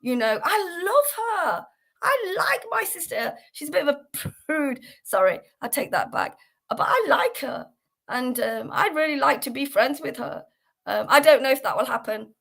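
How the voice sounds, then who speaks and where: This woman from the UK runs a casual devotional session on a livestream, earnest in tone and full of fillers and restarts. Her voice is high, creaky and fairly bright, very animated, at a moderate pace.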